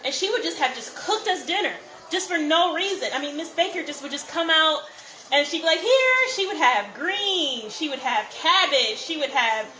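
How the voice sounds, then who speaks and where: A high-pitched woman hosts a live cooking stream, talking easily to her viewers while she works. She is recorded on a phone in an echoey kitchen, with steady background noise underneath. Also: moderate pace. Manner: chatty, greets viewers by name while cooking. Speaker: cooking show host. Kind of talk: live cook-along chat.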